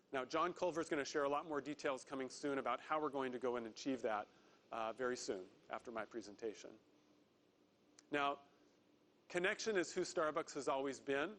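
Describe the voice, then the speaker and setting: A man giving a prepared corporate investor presentation, earnest, slowing down to stress key words. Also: mid-range voice, a bit bright. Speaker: company executive presenter.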